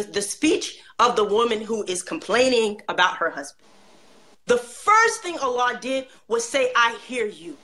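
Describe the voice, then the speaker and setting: A woman's voice: fairly high pitch, sharp tone. A woman speaking passionately and emphatically in a religious discussion, with pointed rhetorical questions.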